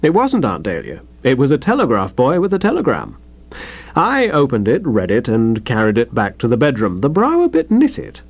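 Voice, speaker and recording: Male narrator, comic audiobook, animated pitch, dry dull recording. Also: dry recording. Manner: brisk, lively and chatty.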